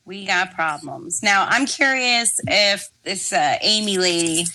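A woman co-hosting a casual comedy podcast, speaking in a dry, sarcastic, drawn-out way. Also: mid-range voice, expressive, bright, forceful tone, a little hiss or hum, poor audio. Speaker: podcast co-host.

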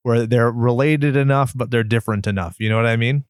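A man's voice: mid-range voice, fairly even intonation, fairly quick, smooth, dry recording, studio quality. A man co-hosting a horror movie podcast, chatting casually in a playful, sarcastic way and swearing freely. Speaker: podcast co-host. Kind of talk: casual chat.

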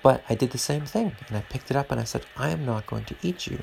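A man's voice: medium pitch, lively intonation, quick pace, vocal fry, a little mellow, a little hiss or hum, poor audio. A man hosting a podcast alone at home, talking in an earnest, preachy and rambling way. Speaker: podcast host. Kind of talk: casual podcast monologue.

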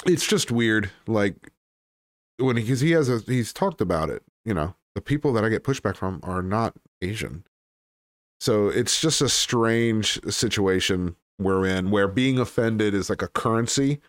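Blunt, rambling man with a lowish voice. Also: expressive, measured pace, dry recording, clean studio sound. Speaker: podcast host. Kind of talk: casual chat.

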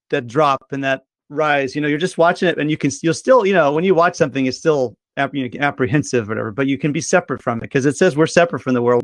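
A man's voice: on the high side, no room sound. A man talking about faith in a casual discussion, earnest and appealing to listeners.

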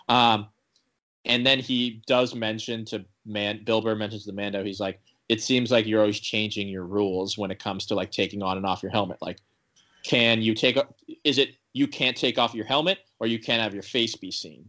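A young man casually recapping a TV episode, rambling with many "like" fillers and acting out the characters' lines. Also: lowish voice. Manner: rambling, full of "like" fillers and restarts; animated retelling with quoted character lines. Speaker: podcast co-host recapping a TV episode. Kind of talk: casual chat.

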